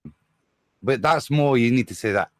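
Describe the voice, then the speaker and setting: A man's voice: medium pitch, expressive, normal speed, no room sound. A man from the English Midlands, speaking with a Midlands accent that drops the H's, musing casually as a panel guest. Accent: English Midlands, drops his H's. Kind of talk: casual online panel chat.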